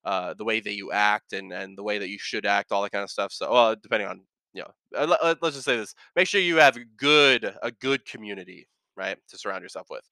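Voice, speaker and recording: A man's voice: on the low side, a little fast, pushed and bright, no room sound. A man hosting a casual solo podcast, talking in an earnest, rambling way that often corrects itself, with a slight lisp. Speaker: podcast host.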